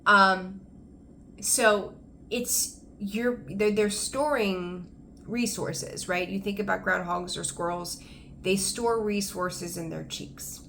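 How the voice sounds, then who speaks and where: Gravelly-voiced woman tarot reader. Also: mid-range voice, steady tone, slow pace, bright, forceful tone, a little hiss or hum. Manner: rambling, enthusiastic, frequent ums. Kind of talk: casual tarot reading to camera.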